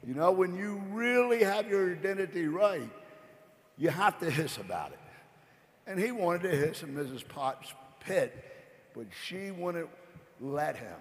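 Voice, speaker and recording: High-voiced man, playful rambling storyteller on a convention stage, long hall reverb. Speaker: company founder speaking on stage. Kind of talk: motivational storytelling.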